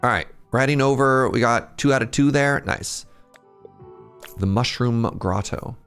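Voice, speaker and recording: With faint game music in the background, a young adult man plays an incremental game on a casual livestream. He talks with viewers, calls out their names and laughs a lot, his medium-pitched voice smooth, fairly bright and a little slow.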